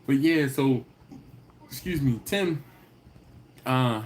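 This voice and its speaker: A man chats casually on a live stream, his pitch sitting in the middle of the range. He tells stories with laughs and mimics the people he quotes. A faint hum stays under his voice. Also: slow pace. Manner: storytelling, laughs often, acts out quoted people in a higher voice. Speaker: host of a live barbecue channel stream.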